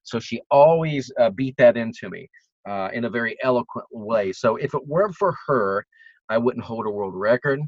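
An animated male vocal coach tells a story in a loose, chatty way. His voice comes through dry and slightly dull, like a lo-fi recording. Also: medium pitch, moderate pace, no room sound. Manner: animated, bursts of excitement. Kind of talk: storytelling in casual chat.

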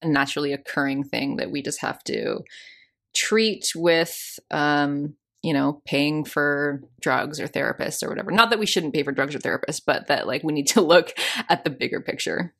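Casting note: woman podcast co-host, low voice, casual and chatty about a book. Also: animated, moderate pace, vocal fry, fairly bright tone. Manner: casual, lots of "like", reads passages aloud.

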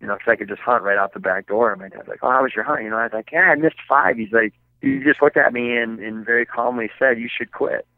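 A man's voice: lowish voice, steady tone, fast, no room sound. A middle-aged man from Michigan telling hunting stories as a podcast guest, rambling with many fillers and restarts. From Michigan, United States. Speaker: podcast guest, archery filmmaker. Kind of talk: casual storytelling. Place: his basement at home. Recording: tinny phone-like line.

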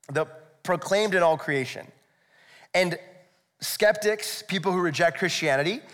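A man's voice: fairly high pitch, a bit bright. A male pastor preaching a sermon in a conversational, explanatory way, with rhetorical asides to the congregation. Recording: echoey hall, long reverb.

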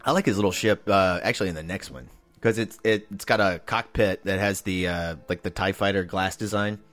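A man's voice: sits low, fairly even intonation, brisk, a bit bright. A man co-hosting a podcast in casual chat, blunt and swearing freely. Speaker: podcast co-host.

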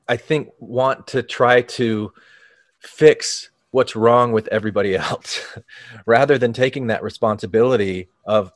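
A man as podcast co-host, calmly reflecting in casual chat on how people upset themselves. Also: mid-range voice, no echo, studio quality. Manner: calm, reflective, talks of letting go of preferences.

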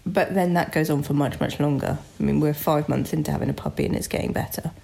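A woman in her thirties talks frankly in a relaxed chat, her voice low and gravelly with fry. She runs on in easy, unguarded sentences. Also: fast talker, slight background noise. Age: 30s. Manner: frank, chatty, self-deprecating. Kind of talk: casual conversation.

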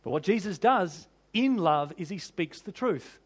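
High-voiced man preaching a sermon. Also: lively intonation, a little slow. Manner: conversational preaching with rhetorical questions to the congregation. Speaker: pastor.

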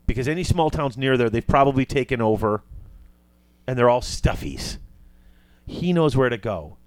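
A man's voice: mid-range voice, darkish tone, no room sound. A man casually retelling a movie plot, acting out the characters' lines as he goes.

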